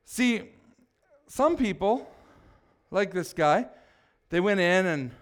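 A middle-aged man preaching a blunt, exhorting sermon, swinging between loud pushes and quiet asides. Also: sits high, animated, slow, long pauses.

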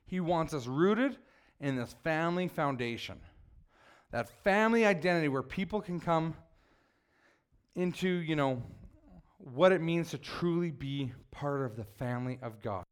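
A man's voice: fairly high pitch, animated, unhurried, long pauses, clear, resonant tone. A man preaching a sermon as pastor to his church, earnest and emphatic, prompting the congregation to repeat after him.

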